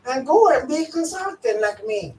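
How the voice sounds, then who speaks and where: A woman in her fifties with a Malaysian accent gives a workshop lecture in a lively storytelling manner, acting out the voices she quotes. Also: high voice, normal speed. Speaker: workshop speaker. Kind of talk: lecture mixing Malay and English. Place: training hall. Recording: echoey hall, mic at a distance, faint room noise.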